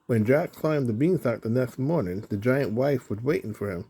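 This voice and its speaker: A man narrating a children's storybook in a slow, even reading. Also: medium pitch, husky.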